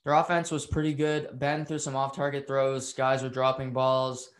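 A man's voice: mid-range voice, level tone, moderate pace. A man giving an unscripted, opinionated recap of a football game, rambling with fillers and restarts and getting heated over calls he dislikes. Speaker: football commentator.

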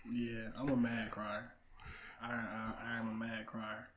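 A man's voice: lowish voice, monotone, measured pace, a crowd in the background. A young man, a guest on a casual podcast, talking with confident, playful bravado about family and coaching. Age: young adult. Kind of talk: casual chat.

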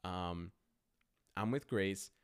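A man's voice: deep voice, very slow, clear, resonant tone. A young man hosting a podcast, telling a rambling story in a casual way, with a lot of "like". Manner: rambling, animated, heavy use of "like". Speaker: podcast host.

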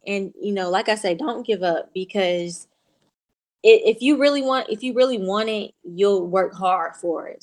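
A young woman guest on a podcast, chatting in a casual and excited way, with lots of likes and you-knows. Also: mid-range voice. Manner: chatty, excited storytelling with many fillers. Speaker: guest, former pro cheerleader.

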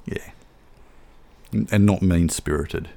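Very deep-voiced man hosting a film podcast. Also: slow, creaky, mellow. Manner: chatty, self-deprecating, repeats words. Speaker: podcast co-host. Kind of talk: casual film chat.

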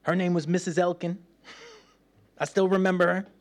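A man's voice: high-pitched, level tone, normal speed. A man preaching a sermon, telling a personal story with playful humor and frequent laughter. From United States. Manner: playful, laughs often, acts out voices.

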